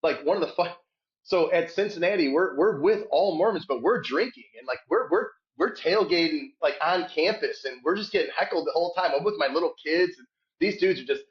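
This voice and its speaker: A man telling a rambling, animated sports story in a casual podcast chat. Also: fairly quick. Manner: animated, shouts quoted hecklers in a high voice. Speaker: podcast guest. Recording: dull lo-fi sound.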